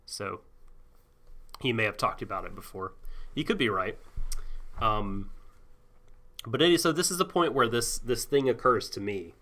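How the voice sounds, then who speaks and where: A man's voice: mid-range voice, lively intonation, moderate pace, pauses often, bright, forceful tone. A man co-hosting a casual anime podcast, recapping scenes in a rambling way with fillers. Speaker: podcast co-host.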